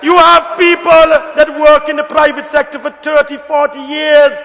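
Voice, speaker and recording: High-pitched, fiery man in parliament. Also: flat delivery, normal speed. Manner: emphatic, repetitive oratory, rising to shouts. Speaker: member of parliament. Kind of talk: parliamentary budget debate speech. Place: parliament chamber. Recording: long reverb of a debating chamber.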